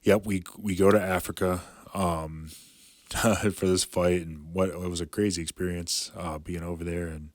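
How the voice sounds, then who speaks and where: A professional fighter in his thirties appears as a podcast guest, casually telling stories and rambling with plenty of filler words. His deep voice has fairly even intonation and a slightly slow pace, recorded at studio quality with no room sound.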